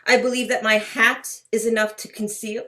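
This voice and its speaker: A woman with a high voice improvises comedy over a video call. She pleads her case earnestly and keeps pressing her point. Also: level tone, moderate pace, fairly bright tone. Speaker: improv performer.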